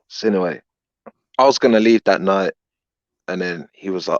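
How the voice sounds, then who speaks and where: A man's voice: sits low, sing-song, brisk, long pauses, no echo, dull audio. A man telling a long, rambling story in casual chat, full of fillers and "innit".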